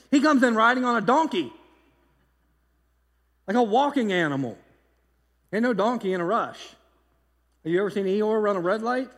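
A pastor preaching a sermon in a loose, conversational way, telling stories with lively energy and frequent restarts. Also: male voice, high-pitched, normal speed, pauses often, in a large hall. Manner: conversational, animated storytelling with repeated restarts.

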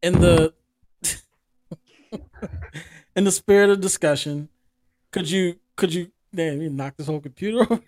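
Easygoing man co-hosting a podcast. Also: on the high side. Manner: loose and halting, steering the talk with fillers and restarts, and laughs along. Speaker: podcast co-host. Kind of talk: casual music review chat.

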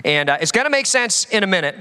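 A man preaching a sermon as pastor, telling stories with quick jokes and frequent fillers. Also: high-pitched, clear, resonant tone. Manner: animated storytelling with quick jokes. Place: large church hall. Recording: long hall reverb.

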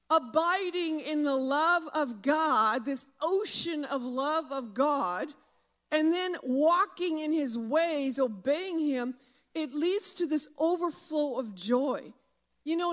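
A woman preaching a sermon with fervent emphasis, slowing down to stress key words. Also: sits high.

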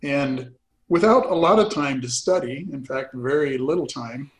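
A man's voice: medium pitch, normal speed, low-quality recording. An older man, a retired pastor, telling folksy stories with frequent laughs in a casual conversation.

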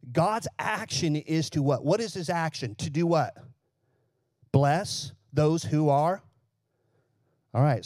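A man's voice: mid-range voice, warm tone, dry recording. A male pastor preaching a conversational sermon, asking the congregation questions and joking now and then.

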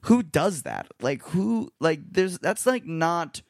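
A man's voice: a little high, big pitch swings, takes it slowly, vocal fry, no room sound. Laid-back man podcast co-host, dry sound. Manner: laid-back and supportive, swears when worked up. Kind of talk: casual chat.

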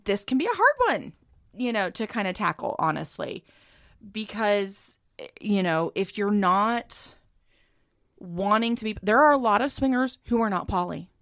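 A brash, playful woman co-hosting a podcast, chatting casually and swearing without a second thought. Her voice sits at an ordinary middle pitch and sounds close and dry, with no room around it. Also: dry recording. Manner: loud, playful, swears freely. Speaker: podcast co-host. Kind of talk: casual chat.

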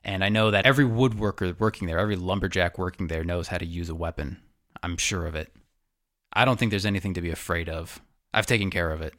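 A man's voice: low-pitched, quick pace, a bit bright, no echo, studio quality. A man doing a curt, miserly merchant lord. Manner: curt, dismissive. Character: miserly portly older male merchant lord.

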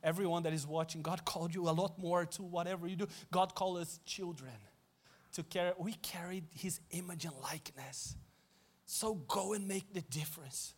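High-voiced man preaching. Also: moderate pace. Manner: animated, swings from loud to hushed, repeats phrases. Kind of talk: sermon.

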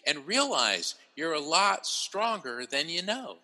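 A man talking as an interview guest, telling a story in an animated way and often repeating words as he gets going. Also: on the high side, takes it slowly. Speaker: guest, psychic medium.

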